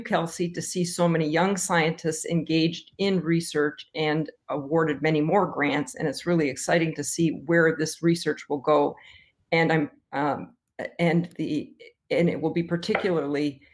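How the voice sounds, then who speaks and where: An older woman scientist giving an emotional acceptance speech, halting with many fillers and restarts. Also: sits low, slight background noise. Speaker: award recipient, research scientist.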